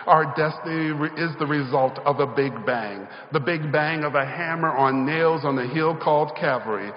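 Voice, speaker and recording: A man's voice: a little high, normal speed. A male pastor giving a sermon in a church sanctuary. He speaks in a rhythmic call-and-response style with rising emphasis. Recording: echoey hall, slightly dull sound.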